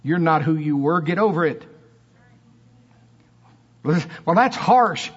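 Fiery preacher man, husky voice. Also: on the high side, fairly even intonation, slow, dull audio. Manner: fiery, swings from loud emphasis to soft asides. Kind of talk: sermon. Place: church.

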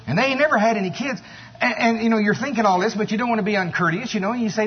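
Male preacher, husky voice, fairly high, echoey hall, dull muffled sound. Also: fast. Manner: animated, storytelling, exclamatory. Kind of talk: sermon.

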